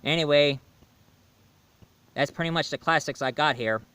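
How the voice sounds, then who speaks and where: A man hosting a comedic review in an animated, exasperated way, often exclaiming. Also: fairly high pitch, normal speed, clear, resonant tone, dry recording.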